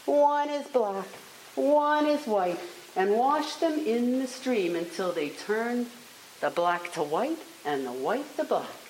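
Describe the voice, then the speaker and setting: Woman doing a knowing old snow-spirit woman, measured, swooping voice, echoey room. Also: fairly high pitch, lively intonation, darkish tone. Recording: echoey room with faint hiss.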